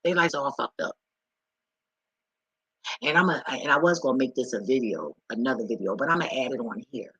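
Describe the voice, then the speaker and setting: Bright, husky-voiced woman, preachy and blunt, lecturing the viewer. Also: extremely low pitch, normal speed, pauses often, no room sound, rough recording. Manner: emphatic, preachy, profane, talks straight to viewer. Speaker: vlogger. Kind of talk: blunt profane advice rant.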